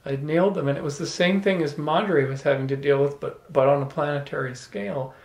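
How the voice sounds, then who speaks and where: A man's voice: on the high side, steady tone, fairly quick, gravelly, darkish tone, roomy sound. A man telling a personal story to a small audience, reflective, with restarts and repeated words. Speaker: speaker at a salon talk. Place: room with a small live audience.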